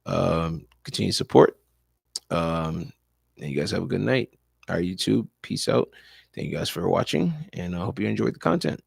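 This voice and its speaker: A tired man talks sports on a casual live stream from home, rambling and repeating himself. His voice sits very low with a gravelly fry and a husky edge. The sound is dry and close. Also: animated, moderate pace, no echo. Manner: loose, rambling, leans on "you know" and repeats himself. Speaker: sports talk livestream host and high school coach. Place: at home, dog in background.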